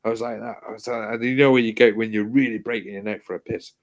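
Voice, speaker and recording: A man's voice: on the low side, fairly even intonation, fast. A man telling a hospital story in casual chat, swearing freely, repeating himself and acting out what people said.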